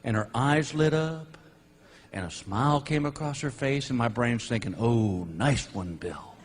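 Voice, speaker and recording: A middle-aged man doing a stand-up comedy set, telling stories with loud whooping outbursts. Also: mid-range voice, normal speed. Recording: live show with audience noise.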